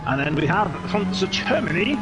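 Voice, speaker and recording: A man's voice: sits high, very animated, normal speed, over loud music, low-quality recording. A man giving casual, jokey commentary on a racing game, with rambling, self-mocking asides. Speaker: race commentator. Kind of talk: casual race commentary over game footage.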